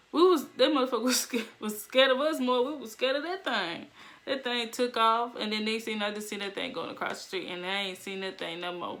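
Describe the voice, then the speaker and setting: Young woman vlogger, lively storyteller who laughs and acts out voices. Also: a little high. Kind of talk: casual storytelling.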